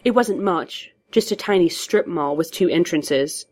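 A woman reads a story aloud, steady and measured. Her voice sits on the low side and keeps an even pace. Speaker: narrator. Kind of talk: audiobook narration.

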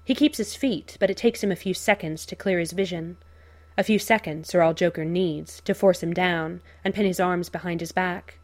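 A woman narrating fan fiction aloud in a slow, measured, even way. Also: lowish voice.

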